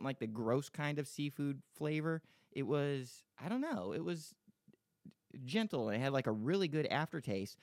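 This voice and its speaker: A man's voice: mid-range voice, a little mellow, dry recording, clean studio sound. A man hosting a podcast, rambling and joking, swearing freely as he chats and reads listener emails. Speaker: podcast host. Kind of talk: casual podcast chat.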